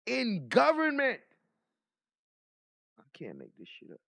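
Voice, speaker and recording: A man's voice: very high-pitched, wildly swooping pitch, slow, vocal fry, fairly bright tone, dry recording. A man giving casual reaction commentary, incredulous and mocking, swearing and laughing as he talks. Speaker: commentary vlogger.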